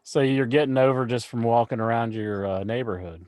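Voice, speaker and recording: A man's voice: medium pitch, fairly quick, darkish tone, no echo. A man co-hosting a podcast in casual chat, prompting his partner with short questions and teasing remarks. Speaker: podcast co-host.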